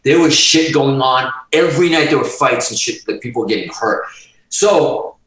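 A man's voice: mid-range voice, animated, normal speed, fairly bright tone, reverberant, far from the mic, low-quality recording. A middle-aged man, telling rambling, profane stories in a casual chat as a musician guest.

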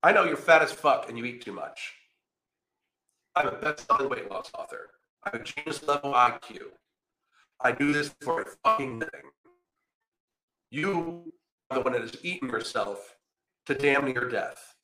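Profane, combative man with a bright voice. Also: medium pitch, moderate pace, pauses often, roomy sound. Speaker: podcast host. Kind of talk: ranting reaction commentary.

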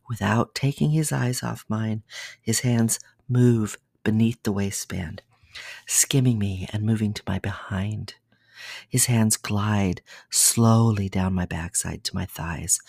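A breathy, hushed storyteller in a whispered role-play reading that keeps slipping into an unvoiced whisper. The pitch sits in the middle, and the sound is close and dry. Small slips and restarts mark the narration. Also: no echo. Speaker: podcast storyteller.

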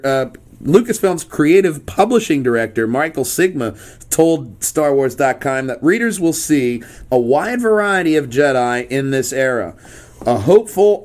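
A man's voice: fairly high pitch, darkish tone. Joking man hosting a podcast. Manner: irreverent, rambling joker. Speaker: podcast host. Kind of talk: casual chat.

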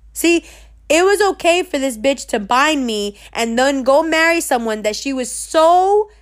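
Blunt, profane woman with a high voice. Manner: streetwise slang. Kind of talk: casual storytelling rant.

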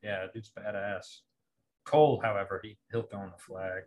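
A man's voice: on the low side, steady tone, normal speed, a little mellow. A young man in casual chat, blunt and jokey, cursing freely.

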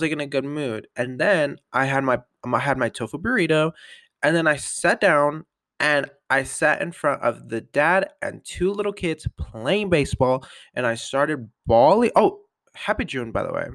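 A man's voice: mid-range voice, a bit bright, no echo, studio quality. A man vlogging a casual catch-up, chatty and upbeat, rambling with lots of fillers and little laughs. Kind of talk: casual catch-up vlog chat.

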